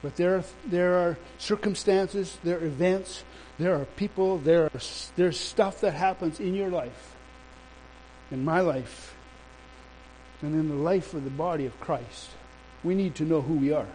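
A male preacher delivering a sermon and telling a story in an animated, emphatic way. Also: a little high, measured pace, slight background noise, poor audio.

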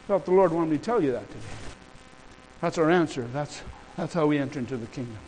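A man's voice: fairly high pitch, animated, fast talker, darkish tone, rough recording. A man preaching a sermon as pastor, with impassioned repeated declarations and a casual storytelling turn.

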